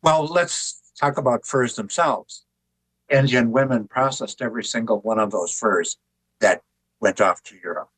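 An older man sits for an interview and tells stories with easy, wry humor. His voice sits at an ordinary middle pitch. The sound is close and dry, with no room echo. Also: a little slow, breathy edge. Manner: relaxed, anecdotal, wry humor. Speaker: author and artist guest. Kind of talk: conversational interview storytelling.

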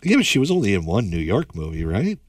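A man co-hosting a radio show in easy, joking banter. His voice sits low but moves around a lot. It sounds slightly distant in a dry room. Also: wildly swooping pitch, fast talker, no room sound. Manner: chatty, jokey movie trivia talk. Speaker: radio host.

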